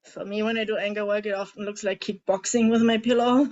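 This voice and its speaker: A woman coaching a group through a guided tapping and emotion-release exercise, speaking in a gentle, coaxing way and asking many guiding questions. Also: mid-range voice, fairly even intonation, quick pace, hardly any pauses, muffled recording. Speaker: emotional eating coach leading a group session.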